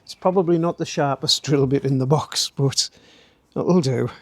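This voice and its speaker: A man's voice: mid-range voice, moderate pace, no room sound. A middle-aged man, talking casually through a DIY build outdoors and tossing in jokey asides and tag questions like "eh?". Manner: chatty, jokey, fond of tag questions like "eh?" and "don't you?". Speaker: DIY channel host. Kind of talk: casual DIY how-to narration. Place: outdoor garden workspace, light rain.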